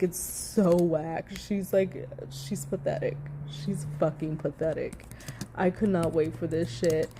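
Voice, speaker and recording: A woman's voice: fairly low pitch, warm tone, slight background noise. A woman giving a profane, ranting reaction commentary, swearing heavily as she talks.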